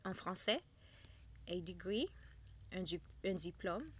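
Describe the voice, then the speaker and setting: A woman giving a vocabulary lesson, slowly repeating each word as she switches between languages. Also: fairly low pitch, lively intonation, slightly rough. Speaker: language teacher.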